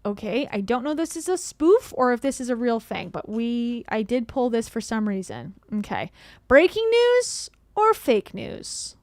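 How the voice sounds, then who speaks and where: A woman's voice: a little high, expressive, normal speed, few pauses, a little mellow, dry recording. A woman streaming casual reaction commentary, chatty and sarcastic, laughing often.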